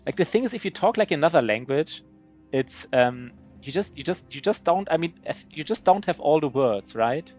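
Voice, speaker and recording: A man's voice: on the high side, expressive, normal speed, darkish tone, highs cut off. Man, German accent, native German speaker, streamer, live game commentary, rambling, self-deprecating, faint music behind. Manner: rambling, self-mocking, many restarts.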